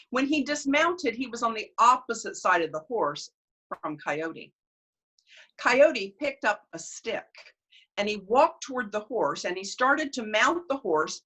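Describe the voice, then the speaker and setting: A woman storyteller telling family tales and folk tales in an expressive, animated way. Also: medium pitch. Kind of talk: storytelling performance.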